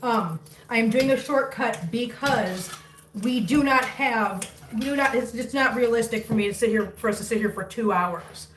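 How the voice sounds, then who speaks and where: At a moderate pace and with a fairly high pitch, a woman hosts a live cooking stream in her home kitchen. She chats casually, laughs often, and coos baby talk to her cats. The audio has faint noise, an echoey room, and a mic at a distance.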